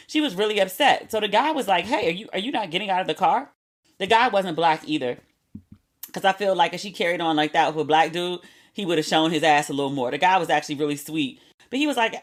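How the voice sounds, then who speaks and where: A woman's voice: on the low side, animated, quick pace. A young woman hosting a podcast, telling stories in a candid, casual way with slang and profanity. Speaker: podcast host. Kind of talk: casual solo chat.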